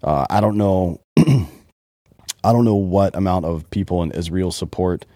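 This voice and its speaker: A man in his thirties talks bluntly and swears freely as a podcast co-host. His voice sits very low and dark. The sound is dry and close. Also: measured pace, no room sound. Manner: blunt, profane, emphatic. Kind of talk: casual chat.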